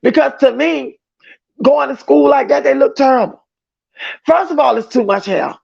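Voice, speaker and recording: Gravelly high-voiced man streaming gossip. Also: lively intonation, moderate pace, a little mellow. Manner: chatty, emphatic, addresses viewers as y'all. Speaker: livestream host. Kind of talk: livestream gossip commentary, reading chat aloud. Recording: dull lo-fi stream audio.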